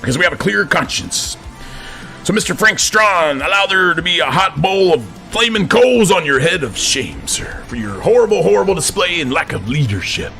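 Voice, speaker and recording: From his office, a vlogger posing as a command sergeant major rants into the camera in a drawl, very animated though at a moderate pace, with faint music playing. His gravelly, bright, edgy voice jumps and drops in pitch, stammering through restarts when he gets worked up. He preaches at his "friends" again and again.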